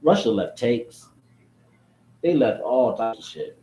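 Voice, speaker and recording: He speaks slowly at a medium pitch, leaving long pauses, yet the rant stays animated and profane. The vlogger keeps repeating himself and drifting between topics while addressing viewers on camera, in an echoey space with slight background noise.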